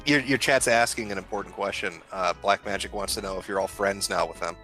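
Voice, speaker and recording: Low-ish guy on a stream, stutters and restarts, sharp bright tone, cusses. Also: a little fast, soft background music. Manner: stammering restarts, blunt and profane. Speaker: stream guest. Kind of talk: casual livestream chat.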